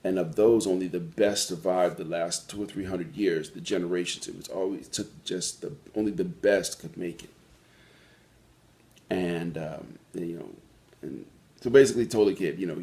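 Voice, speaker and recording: A man with a very deep, low voice hosts a call-in show on his own. He talks earnestly and reflectively, often pausing, saying "um," and starting a phrase over before he finds it. The tone is sincere, unscripted storytelling. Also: dark tone. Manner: earnest, reflective storytelling with frequent pauses and restarts. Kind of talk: solo monologue on a talk show.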